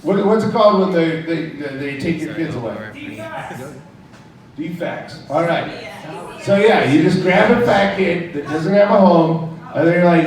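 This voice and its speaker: A man's voice: on the high side, normal speed. A man doing a crude, rambling stand-up comedy set on a club stage, chuckling at his own jokes. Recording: very echoey room, from far off.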